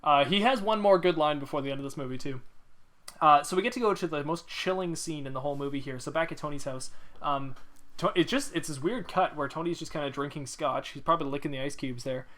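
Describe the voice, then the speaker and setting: A man co-hosting a relaxed film podcast, his voice sitting a bit high with a sharp, forceful brightness. He rambles eagerly through scenes he likes, leaning on fillers as he goes. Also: quick pace. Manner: excited, rambling, many fillers. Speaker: podcast co-host. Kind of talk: casual movie-review chat.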